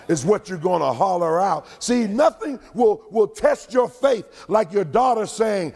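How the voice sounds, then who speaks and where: A man preaching in a church sanctuary, his voice high and gravelly. He talks slowly and swings widely in pitch, breaking into shouts and drawn-out words. A long hall reverb trails behind him. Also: big pitch swings. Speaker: pastor. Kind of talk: sermon.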